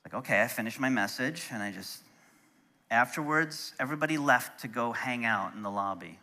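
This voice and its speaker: A middle-aged man preaching, telling a personal story in an animated way that turns soft and quiet when he is moved. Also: medium pitch, a little fast. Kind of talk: storytelling sermon.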